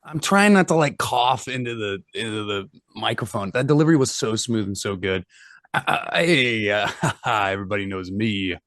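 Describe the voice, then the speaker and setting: A man's voice: fairly low pitch, animated, moderate pace, fairly bright tone, no room sound, clean studio sound. A man co-hosting a podcast, self-mocking and jokey as he introduces himself. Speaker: podcast co-host. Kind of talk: casual podcast chat.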